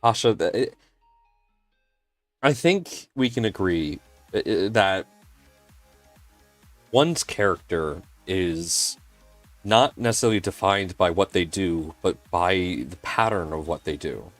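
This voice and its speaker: A man's voice: sits low, animated, takes it slowly, long pauses, no room sound, soft background music. A man hosting a casual livestream from his home workshop, earnest and emotional, often restarting his sentences. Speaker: livestream host and maker.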